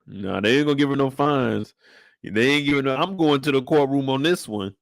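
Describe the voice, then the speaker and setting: A young man hosting a loose live-stream chat, joking in heavy slang and now and then breaking into falsetto singing. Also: brisk, creaky, no echo, clean studio sound. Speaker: streamer host.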